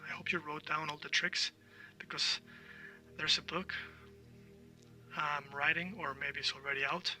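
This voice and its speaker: A man's voice: on the high side, steady tone, measured pace, pauses often, sharp tone, distant mic, faint music behind. A man who speaks Spanish natively, teaching a recorded language lesson, spelling words letter by letter and encouraging learners.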